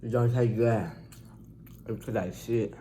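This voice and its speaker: A man's voice: fairly low pitch, fairly even intonation, a little slow, mellow, slight background noise. A young man doing a food eating challenge vlog, talking in slang and cursing. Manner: slangy, hyped then frustrated, swears. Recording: music playing behind.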